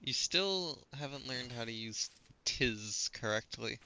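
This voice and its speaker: A man's voice: mid-range voice, animated, slow pace, pushed and bright. A man streaming a game, chatting casually and explaining details in a pedantic, pun-loving way. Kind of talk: casual gameplay commentary.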